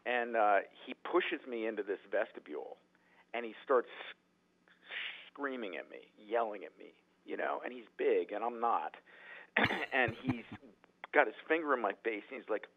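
A man who is a writer-director telling animated stories in an interview, often restarting his sentences. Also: medium pitch, moderate pace. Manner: animated, acts out quotes, frequent restarts. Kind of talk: anecdotal storytelling in a podcast interview. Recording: tinny phone-like line.

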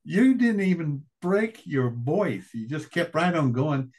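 A man's voice: on the high side, lively intonation, unhurried, a little mellow, pitched above the performer's own voice. A man putting on a navy intelligence officer who talks with emphatic disbelief in a raised voice. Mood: amazed. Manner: emphatic, incredulous. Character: astonished male naval intelligence officer.

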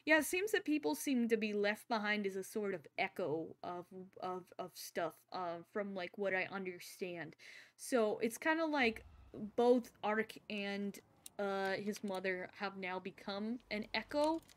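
A woman streaming a video game, chatting casually and excitedly with her viewers as she plays. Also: mid-range voice, unhurried. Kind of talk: casual live-stream chat.

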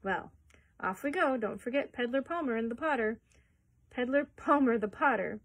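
A woman's voice: on the high side, expressive, normal speed. A woman reading aloud, voicing a jolly male traveling peddler with a sing-song, folksy patter.

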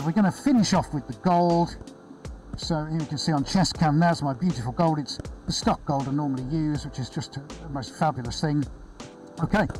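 Guy running a live painting stream, kinda high voice, chatty and upbeat, rambles a lot. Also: a little mellow, low-quality recording. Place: indoor studio floor with extractor fan.

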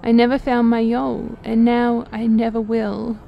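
A woman voicing a haunted, possessed young male herder in a role-playing game, pleading in a broken, slow way. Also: on the high side, level tone, gravelly, muffled recording, slight background noise.

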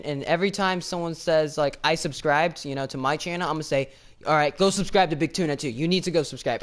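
An excitable young man chatting on a live stream, his voice sitting a little high for a man. He stumbles and restarts as he thanks his viewers over and over. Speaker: livestreamer. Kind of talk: casual live-stream chat.

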